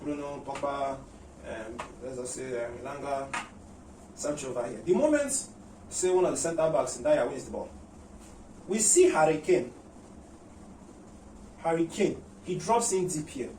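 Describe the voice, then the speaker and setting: A man giving a tactical football match preview, talking in an animated way, repeating words and using many "you know" fillers. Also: on the high side, measured pace, pauses often, a little hiss or hum. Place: room at home. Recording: roomy echo, mic at a distance.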